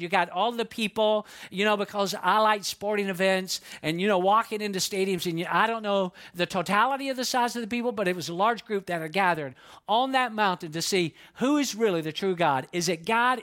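A man preaching a sermon, retelling a story in a lively, conversational way with frequent asides to his listeners. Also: high voice. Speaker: pastor.

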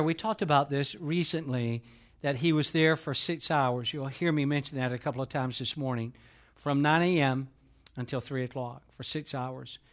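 A middle-aged man from Georgia, preaching a sermon in an earnest storytelling way and slowing down when he quotes scripture. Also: on the high side. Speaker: pastor.

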